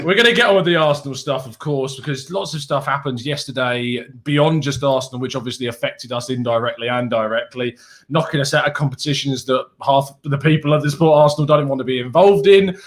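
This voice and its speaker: A man with an English accent hosting a casual football podcast, upbeat and chatty, laughing often. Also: fairly high pitch. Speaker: podcast host.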